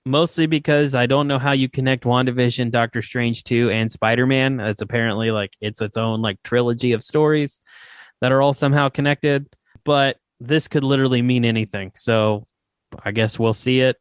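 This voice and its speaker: A man's voice: medium pitch, normal speed, clear, resonant tone, no room sound. Opinionated podcast host man, dry sound. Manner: relaxed, opinionated, many fillers. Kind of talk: casual chat.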